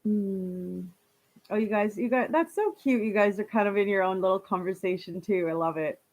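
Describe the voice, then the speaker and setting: A woman's voice: mid-range voice, normal speed, a little mellow. A woman chatting casually on a live stream, reading viewer comments aloud and laughing often.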